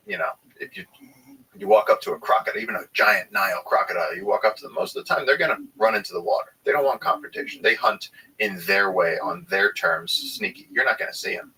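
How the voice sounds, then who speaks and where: A man with a very low, husky voice and a bright edge tells animal stories in relaxed conversation. He talks with lots of fillers and restarts. He sits a little far from the mic. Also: fairly quick. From United States. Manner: animated, filler-heavy storytelling with many restarts. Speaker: guest, wildlife researcher. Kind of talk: casual storytelling conversation.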